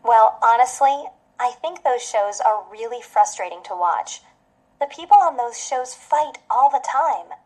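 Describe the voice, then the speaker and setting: A slightly high voice delivers scripted listening lines. Her pitch swings with lively intonation. She sounds like a friend speaking frankly in a textbook recording. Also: measured pace, poor audio. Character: woman frustrated by reality shows.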